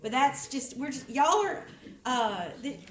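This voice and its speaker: A woman's voice: high-pitched, expressive, unhurried, a little hiss or hum. A woman making a chatty, rambling announcement to a meeting, often laughing. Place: meeting room of an art association. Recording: roomy meeting hall.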